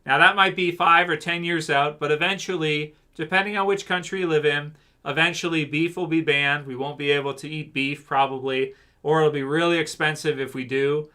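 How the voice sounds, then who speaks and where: A man hosting a live stream, chatting casually in a rambling, halting way with fillers and restarts. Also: on the high side, fairly even intonation, sharp tone.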